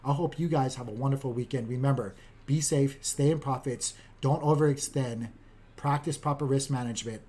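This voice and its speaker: A man, a father of a young child, giving a casual, upbeat market recap in quick, chatty commentary. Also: mid-range voice, dark tone. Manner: upbeat, keeps saying "guys", talks fast.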